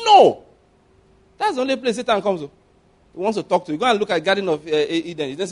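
A man's voice: sits high, very animated, quick pace, slightly rough. A man preaching a sermon, telling stories with animation and acting out the scenes.

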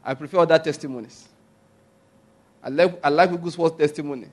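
Male preacher, high husky voice, emphatic sermon delivery that keeps quizzing the congregation. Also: brisk, darkish tone. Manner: emphatic, repeats key phrases, asks the listeners questions.

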